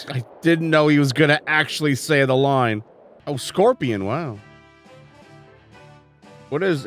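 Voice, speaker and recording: A man's voice: a little high, unhurried, pauses often, fairly bright tone, soft background music. A man reviewing a video game as he plays, exasperated and sarcastic, swearing often. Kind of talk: let's-play commentary.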